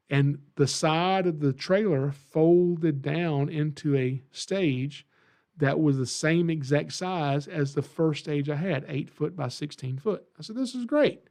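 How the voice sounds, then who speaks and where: Southern man with a gravelly voice. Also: medium pitch, a little mellow. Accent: Southern American (Georgia). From Georgia, USA. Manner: folksy and self-deprecating, with frequent restarts. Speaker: podcast host and snake educator. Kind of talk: casual storytelling monologue.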